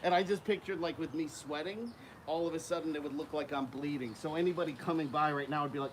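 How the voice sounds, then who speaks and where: Speaking fast in a fairly high voice, a male channel host who keeps alligators feeds them outside in the wind, animatedly coaxing and calling to them. It's casual vlog talk captured in a noisy outdoor recording.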